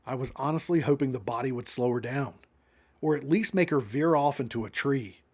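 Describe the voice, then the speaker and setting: A man's voice: mid-range voice, brisk, breathy edge. A man reading the inner narration of a cold, detached woman in a comic. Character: calm, remorseless woman narrator, chillingly detached.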